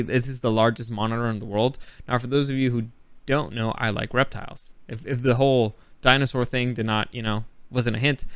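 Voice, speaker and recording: A man's voice: mid-range voice, a bit bright, clear, resonant tone, no echo. A man narrating his travel vlog casually, rambling and trailing off mid-sentence. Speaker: vlogger.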